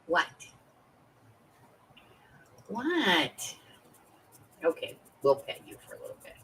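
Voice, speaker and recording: Unhurried, breathy-voiced woman in her fifties hosting a crafting stream, chatty and confiding, a bit off-mic. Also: fairly low pitch, very animated, fairly bright tone, recorded from a distance, slight background noise, low-quality recording. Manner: chatty and confiding, greets viewers by name. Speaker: crafting live-stream host. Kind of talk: casual chat while crafting.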